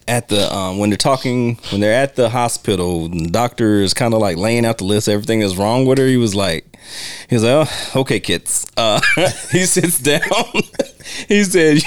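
A man's voice: moderate pace, slight background noise. A man hosting a casual film commentary podcast, laughing often and acting out movie lines in a raised voice. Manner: laughs often, acts out quoted lines in a high voice. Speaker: podcast host.

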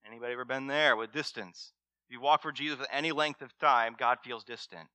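A pastor preaching a sermon swings between loud emphasis and hushed words, putting direct questions to the congregation. He has a medium-pitched voice, talks fast, and there's no echo.

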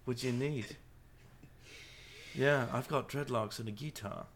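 A man putting on the voice of a laid-back, overly friendly young youth pastor with a deliberately bad English accent. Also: medium pitch, slight background noise, natural voice. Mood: breezy. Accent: put-on bad English accent. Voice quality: breezy, chummy, overly friendly. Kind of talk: podcast comedy bit.

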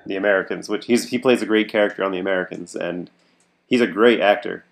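Deep gravelly man chatting about a movie. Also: fairly even intonation, fast. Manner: laughs often, trailing restarts. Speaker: podcast co-host. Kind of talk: casual movie discussion.

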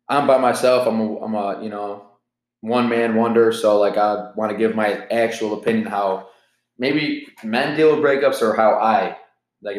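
A man's voice: fairly low pitch, reverberant, poor audio. A man in his twenties hosting a solo podcast, talking in a rambling, candid, profane way, jittery from caffeine. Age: 20s. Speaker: podcast host. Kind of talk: casual solo podcast monologue.

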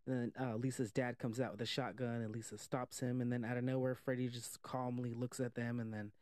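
Speaking a little fast at a medium pitch, a movie reviewer rambles through a film's plot, leaning on "like" and throwing in some swearing. He's animated, slipping into quoted voices as he goes. The sound is clean studio audio with no room sound.

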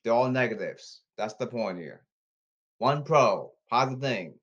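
A man podcasting alone in a repetitive, halting, pleading monologue. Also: medium pitch, animated, fairly bright tone, slightly rough. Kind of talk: rambling solo monologue. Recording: slightly dull lo-fi audio.

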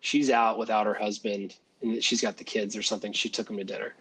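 A man, a former valet, telling a story as a guest, animated, laughing often and acting out other people's voices. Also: fairly low pitch, fairly quick, slightly rough, low-quality recording. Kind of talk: casual storytelling.

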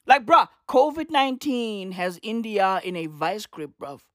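A woman's voice: mid-range voice, very animated, measured pace, no room sound, clean studio sound. A woman delivering a comedic rant, packed with slang and swearing and pushed with emphatic energy. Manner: slang-heavy, profane, emphatic. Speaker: comedic ranter.

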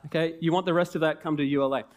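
Lively, joking male preacher. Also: on the high side, rapid-fire. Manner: animated, jokey and conversational. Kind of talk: sermon.

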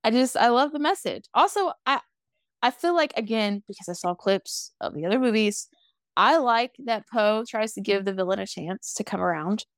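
A woman in her twenties chatting casually as a podcast co-host, recapping a film with sass, swearing freely and acting out lines in quick voices. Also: medium pitch, lively intonation, dry recording, clean studio sound. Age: 20s. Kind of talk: casual movie recap chat.

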